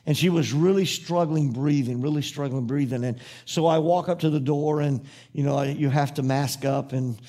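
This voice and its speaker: A man's voice: a little high, fairly even intonation, normal speed, hardly any pauses, mellow. A man preaching a sermon as pastor, moving from fervent repeated phrases to folksy personal storytelling. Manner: impassioned preacher with rhythmic repetition.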